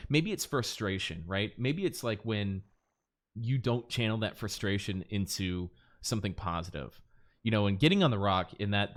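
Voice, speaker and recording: Guy hosting a podcast, chatty and teasing, voice jumps around a lot. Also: lowish voice. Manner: chatty, laughs often, teasing. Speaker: podcast host. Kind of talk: casual chat.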